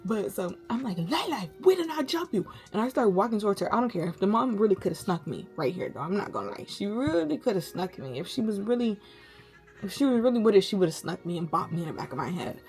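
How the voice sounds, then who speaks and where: A young woman vlogger telling a story in a slangy, animated way, full of dramatic asides. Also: medium pitch, fast, faint music behind. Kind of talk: storytime vlog.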